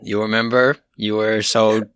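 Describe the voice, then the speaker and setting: A man's voice: on the low side, flat delivery, measured pace, fairly bright tone, clean tone, no room sound, studio quality. A man playing in a tabletop game, playful and rambling. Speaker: player. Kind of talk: tabletop role-play.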